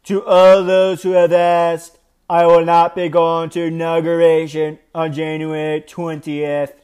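A man doing an impression of a blustering older male politician, reading posts in a bombastic, drawn-out way. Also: fairly high pitch, completely flat delivery, darkish tone, clean tone, lightly acted. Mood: boastful.

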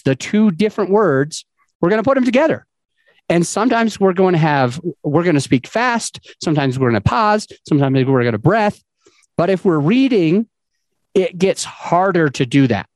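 A man's voice: on the high side, no echo. A man hosting a podcast, giving casual advice in a loose, conversational way with fillers and restarts. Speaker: podcast host.

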